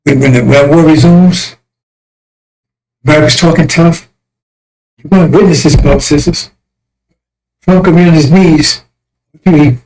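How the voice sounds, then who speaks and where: A man's voice: on the high side, normal speed, pauses often, a little mellow, low-quality recording. A man delivering an impassioned religious rant as a self-styled messenger, fiery, crude and mocking.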